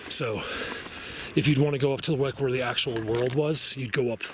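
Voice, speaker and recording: A man vlogging outdoors in a forest, talking casually to camera in an excitable, rambling way and laughing often. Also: mid-range voice, a little fast, noisy background.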